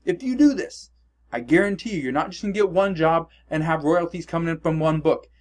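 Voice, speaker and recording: A man's voice: on the high side, fairly quick. A man vlogging casual advice straight to camera in a blunt, coaching way, often checking in with "okay?". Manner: emphatic, keeps checking in with "okay?" and "all right?". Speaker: online business vlogger.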